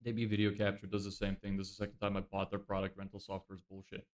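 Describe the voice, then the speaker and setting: A man's voice: sits low, monotone, quick pace, a little mellow. A young man casually chatting on a live stream, exasperated and swearing often as he answers viewers. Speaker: livestreamer.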